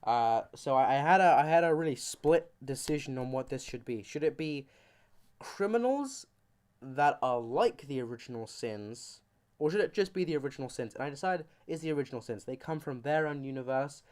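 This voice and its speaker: A man's voice: medium pitch, fairly quick, darkish tone. A man giving a comedic anime commentary, rambling and joking with goofy asides. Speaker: YouTuber.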